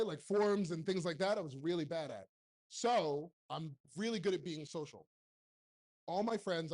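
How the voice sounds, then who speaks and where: Man, 40s, live stage talk, handheld mic, animated, blunt, streetwise humor. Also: on the high side. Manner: animated, joking, blunt and streetwise, lots of rhetorical questions. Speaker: keynote speaker and TV producer. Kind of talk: live motivational talk to an audience. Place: live event stage in front of an audience. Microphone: handheld microphone.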